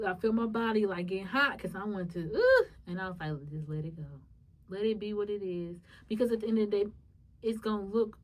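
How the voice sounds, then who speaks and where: Animated woman podcast host, slightly distant mic. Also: mid-range voice. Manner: lively, animated retelling with acted-out quotes and laughs. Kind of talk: casual storytelling monologue.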